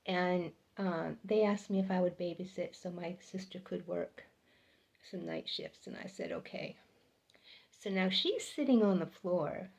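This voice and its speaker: A middle-aged woman telling a personal story in a casual, unhurried way, getting animated when she quotes people and laughing between lines. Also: mid-range voice. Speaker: storyteller sharing personal experiences.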